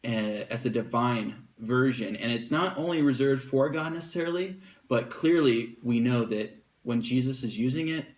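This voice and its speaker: This man's voice sits in the mid range as he talks through a Bible passage casually and off the cuff, dropping in fillers. Whenever he reads a verse out, his pace eases.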